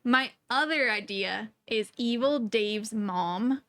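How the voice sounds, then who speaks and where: Young female podcast co-host, playful and giggly, higher voice, dry close sound. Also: a bit bright, dry recording. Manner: playful, giggly, quick tangents. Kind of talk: casual chat.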